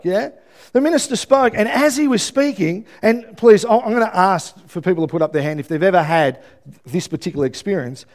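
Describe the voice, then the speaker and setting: A middle-aged Australian man preaching a sermon, telling a personal story with lively, acted-out quotes and asides. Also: on the high side. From Melbourne, Australia.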